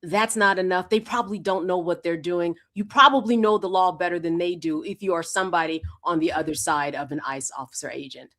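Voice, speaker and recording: A woman's voice: on the low side, a little fast, few pauses, fairly bright tone. A woman speaking as a panelist in political commentary, emphatically explaining legal rights point by point.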